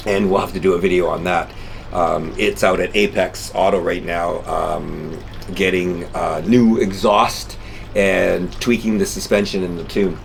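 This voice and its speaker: Chatty middle-aged man, low voice. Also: vocal fry, slight background noise. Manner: rambling, animated storytelling with restarts. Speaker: channel host. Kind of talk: casual chat to camera. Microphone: camera-mounted mic, no lapel.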